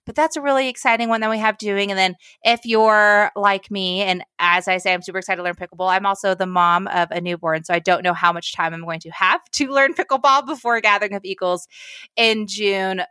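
Bright-voiced upbeat woman guest. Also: medium pitch, steady tone, a little fast, smooth, no echo, studio quality. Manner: upbeat, chatty, frequent "uh" fillers. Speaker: events director, podcast guest. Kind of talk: casual podcast conversation.

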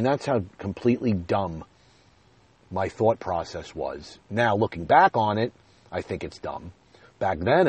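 A man's voice: lowish voice, a little mellow, breathy edge. A man in his forties telling viewers a candid, emotional story in a rambling, self-deprecating way. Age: 40s. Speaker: vlogger.

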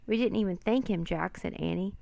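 A woman playing a tender-hearted young girl who pleads and cries out in a read-aloud storybook. Her tone carries a faint rasp and sits dry and close. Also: medium pitch, fairly quick, a little mellow, dry recording. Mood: earnest.

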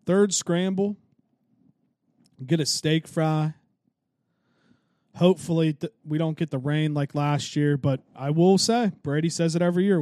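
A man's voice: on the high side, mellow, no room sound. A young man hosting a casual solo podcast, telling stories in a joking, profane, self-mocking way. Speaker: podcast host.

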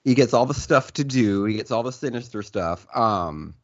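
A man's voice: mid-range voice, expressive, normal speed, fairly bright tone, dry recording, muffled recording. A man chatting casually as a podcast co-host, with many you-knows and likes. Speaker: podcast co-host, film reviewer. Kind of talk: casual chat.

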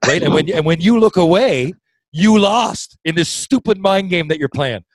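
A middle-aged man, a former hockey player, telling a story in a casual chat, animated and swearing freely. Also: sits high, moderate pace, dry recording, low-quality recording. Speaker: retired hockey player, podcast guest storyteller.

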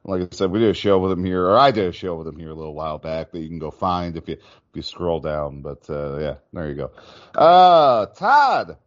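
A man's voice: low voice, expressive, brisk, lo-fi sound. Rambling casual man hosting a podcast. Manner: rambling, filler-heavy, swears casually. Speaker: podcast host. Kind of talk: casual chat.

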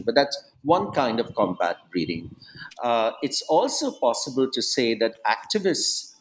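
A man's voice: mid-range voice, very animated, measured pace, poor audio. A man being interviewed about his book, talking in a reflective way with frequent asides and restarts. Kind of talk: academic interview.

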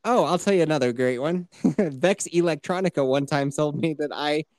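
A man's voice: a little high, normal speed, darkish tone, no echo, clean studio sound. A man hosting a podcast, telling crude self-mocking stories in casual chat. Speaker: podcast host.

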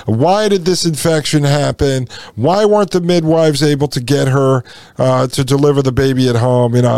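A man hosts his podcast solo, recounting a personal story with blunt, indignant energy and casual asides. His voice sits a little high and carries a gravelly edge. The sound is dry and close. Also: a little mellow, no echo. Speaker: podcast host.

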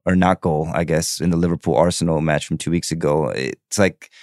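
A young man with a notably deep voice co-hosts a casual sports chat. He talks loosely, leans on "like" and drops the odd swear word. The sound is dry and close. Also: a little fast, no room sound. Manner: relaxed, chatty, swears casually, frequent "like". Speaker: podcast co-host.

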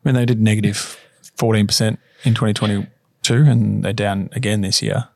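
A man's voice: fairly low pitch, steady tone, moderate pace, vocal fry, a little mellow, no echo. A man co-hosting an investing podcast, making dry, offhand remarks in casual chat. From Australia. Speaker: podcast co-host.

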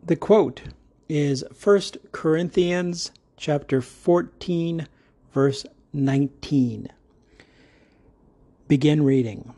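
A man's voice: a little high, takes it slowly, mellow. A man hosting a podcast, talking in a casual monologue with jokey, rambling asides. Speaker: podcast host.

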